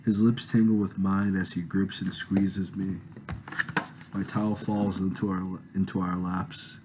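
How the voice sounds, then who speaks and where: A man's voice: low-pitched, flat delivery, a little slow, background noise. A man reading his own novel aloud with a home microphone, casual and self-conscious in his asides. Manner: laughs off awkward passages, casual.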